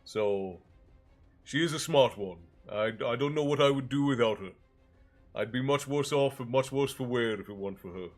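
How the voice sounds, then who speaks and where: A man hosts a storytelling livestream with a stuffy, congested voice, sitting at a middling pitch. He rambles, restarts his phrases and greets viewers by name. Faint music plays beneath him. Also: moderate pace. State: congested, low on breath. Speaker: stream host and storyteller. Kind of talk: casual chat with a live chat, then reading a fantasy novel aloud. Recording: soft music underneath.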